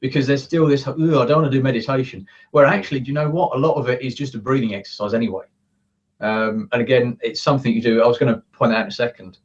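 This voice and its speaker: A man's voice: medium pitch, fairly even intonation, fast talker. Distant, muffled man coaching earnestly. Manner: earnest, acts out quoted thoughts. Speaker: guest, coach. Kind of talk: casual interview chat. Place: his office.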